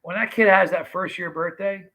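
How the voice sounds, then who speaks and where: A man in his fifties runs a casual livestream, rambling through stories and calling out viewers by name. His voice sits a touch high and carries a bright, forceful edge. He talks to the chat like old friends. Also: fairly even intonation, normal speed, rough recording. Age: 50s. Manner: chatty, greets viewers by name. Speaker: livestream host.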